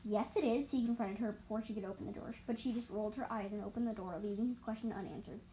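A woman's voice: medium pitch, steady tone, fast talker, dark tone, slight background noise, rough recording. A woman reading a fantasy story aloud, stumbling and correcting herself as she goes. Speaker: story reader. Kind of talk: reading her own fan story aloud.

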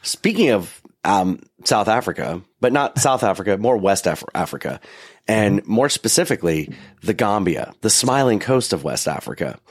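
A man co-hosts a casual podcast chat, bantering and poking fun at himself. His voice sits a bit low, and it sounds dry and close, with little room around it. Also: very animated, normal speed, husky, no room sound. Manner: joking, self-deprecating banter with many restarts. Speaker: podcast co-host.

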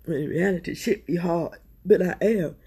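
Candid and emotional, a middle-aged woman hosting a podcast confesses her personal struggles, swearing freely and often speaking directly to listeners. Her fairly low voice is warm and husky, moving at a normal speed.

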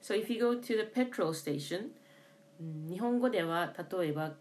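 A Japanese woman co-hosts a bilingual lesson, raising each word and repeating the answers. She talks briskly, and her voice sits a little low for a woman. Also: expressive, darkish tone, a little hiss or hum. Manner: prompts with questions and repeats words back. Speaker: co-host asking questions.

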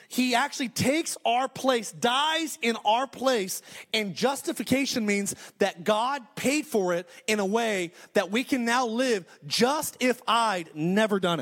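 A man preaching a sermon in a notably high voice. He drives his points home emphatically, circling back and restarting phrases as he builds. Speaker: pastor.

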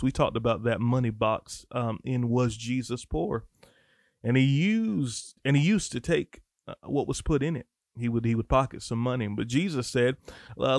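A man's voice: mid-range voice, normal speed, darkish tone, no room sound. Guy preaching, reads verses then riffs casual and slangy, dry close sound. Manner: conversational, slangy asides, frequent restarts. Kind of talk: casual teaching sermon with scripture reading.

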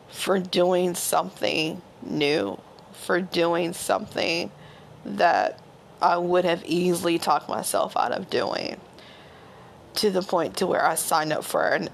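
A woman's voice: on the low side, creaky, a little hiss or hum. A woman, hosting and candidly telling a self-deprecating personal story, often laughing. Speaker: podcast host. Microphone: home microphone.

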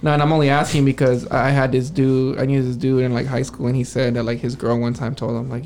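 A man's voice: mid-range voice, level tone, darkish tone, slight background noise. A young man co-hosting a podcast, teasing his friends in casual chat and acting out quotes. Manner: joking, teasing, laughing, quick to act out voices. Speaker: podcast co-host.

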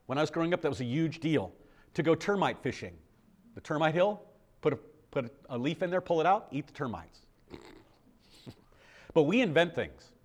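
A man's voice: a little high, sing-song, normal speed, long pauses. An older American man preaching a sermon in a conversational way, asking the congregation questions. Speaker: pastor.

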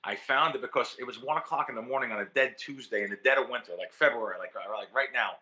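Bright, excitable man telling stories. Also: medium pitch, fast talker. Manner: animated, repeats and restarts words, emotional. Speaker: guest, professional sports bettor. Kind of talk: casual storytelling interview.

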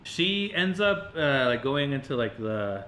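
Animated young man chatting about movies. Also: mid-range voice, a little slow, echoey room, slight background noise. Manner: animated, laughing, swears a lot. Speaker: podcast co-host. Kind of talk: casual movie chat.

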